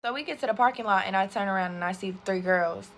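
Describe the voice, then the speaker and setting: Woman, storytime vlog, profane and animated, talks straight to viewers. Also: medium pitch, fast, vocal fry. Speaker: content creator.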